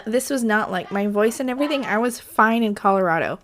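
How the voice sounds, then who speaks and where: A woman's voice: mid-range voice, animated, fairly quick. A woman hosting her own podcast, talking in a rambling, chatty way, her voice scratchy from allergies. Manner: rambling, chatty, with many fillers. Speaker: podcast host. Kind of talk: casual solo podcast chat.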